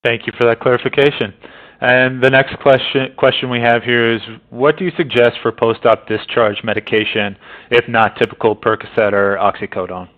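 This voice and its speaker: A man at a mid pitch hosting a webinar Q&A. He reads the audience questions in a polite, measured way. His voice comes through thin, like a phone call. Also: level tone. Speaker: webinar moderator. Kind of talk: reading attendee questions. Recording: tinny phone-like audio line.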